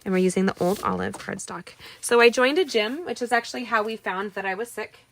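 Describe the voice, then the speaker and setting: A woman's voice: medium pitch, fairly quick, fairly bright tone. A middle-aged woman hosting a live card-making tutorial, bubbly and rambling, chatting with viewers and making little noises and exclamations as she works. She sounds a bit tired. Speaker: card-making livestream host.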